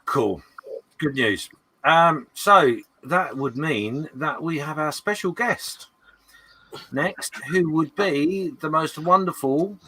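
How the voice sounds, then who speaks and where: A man co-hosting a casual livestream chat, jokey and quick to laugh. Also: fairly high pitch, pushed and bright, slightly rough, poor audio. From United Kingdom. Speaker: co-host.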